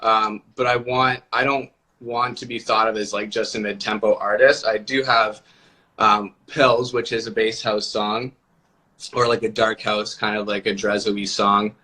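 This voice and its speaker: Guy on a video call, bright tone, super casual, says like a lot. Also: lowish voice, measured pace. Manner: relaxed, many "like" fillers. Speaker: music producer guest. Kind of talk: casual live-stream chat.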